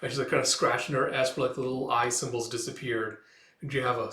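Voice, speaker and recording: A man talks his way through a comic book in a loose, chatty manner, with lots of filler words. His voice sits at a middle pitch and carries the echo of a roomy space. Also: level tone, fast talker, sharp tone. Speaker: comic reader and reviewer. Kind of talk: casual comic read-through.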